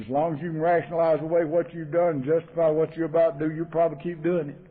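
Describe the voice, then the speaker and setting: A man with a Southern accent giving an AA recovery talk, folksy and emotional, telling stories with acted-out dialogue, from an old 1980s cassette recording. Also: fairly high pitch. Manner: folksy, emotional, acts out dialogue in his story. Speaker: AA speaker. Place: meeting hall. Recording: tinny 1980s cassette tape.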